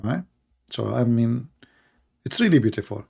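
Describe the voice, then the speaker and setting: A man with a gravelly, creaky voice and a dark, mellow tone talks his way through a livestream. He rambles in casual commentary with lots of fillers. His asides turn sarcastic and mocking. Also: medium pitch, lively intonation, normal speed. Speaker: livestream host.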